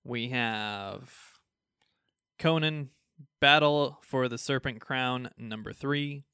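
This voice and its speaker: A man hosts a casual podcast, reading off a list of releases and cracking jokes between items. His voice is bright and smooth, recorded close and dry, with no room around it. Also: mid-range voice, takes it slowly, no room sound. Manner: reads a list of comic releases, joking. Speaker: podcast co-host.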